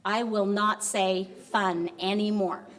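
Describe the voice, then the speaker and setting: A man's voice: sits high, flat delivery, takes it slowly, a bit bright. A woman voicing her husband, a patient adult man who answers carefully and tries to placate her. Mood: placating.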